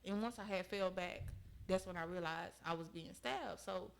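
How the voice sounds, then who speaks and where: A woman's voice: fairly low pitch, moderate pace, gravelly, a little hiss or hum. A young woman, a podcast guest, earnestly recounting a personal story in conversation and often checking in with her listeners.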